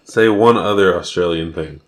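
A man co-hosting a podcast in casual chat, firing off questions and teasing his partner. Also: sits low. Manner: teasing, quick-fire questioning. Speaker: podcast co-host.

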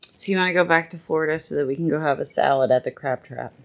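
A woman in her thirties chatting casually as a podcast co-host, laughing easily and hesitating over quick answers. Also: low voice, gravelly. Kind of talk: casual chat.

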